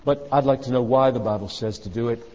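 A man preaching a sermon. He swings between loud urgent exhortation and hushed, low phrases. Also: quick pace. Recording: dull reverberant hall recording.

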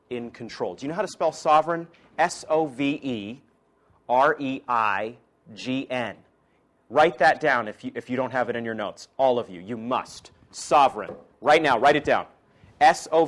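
A man preaching at a middle pitch, who rises to loud, emphatic declarations and then drops to soft, hushed asides. He talks to his listeners directly and teases them now and then. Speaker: preacher and teacher. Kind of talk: sermon to a class.

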